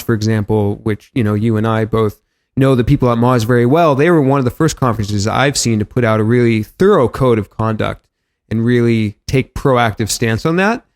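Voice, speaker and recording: A man's voice: medium pitch, darkish tone. A man hosting a podcast interview, speaking in a nasal, easygoing way with plenty of fillers. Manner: easygoing, filler-heavy, thinks aloud. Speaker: podcast host.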